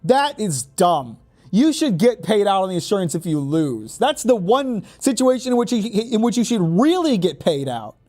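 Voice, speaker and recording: A man's voice: sits high, very animated, moderate pace, mellow. A man giving casual gameplay commentary, exasperated and profane, stammering and repeating words as he reacts. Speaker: gaming YouTuber.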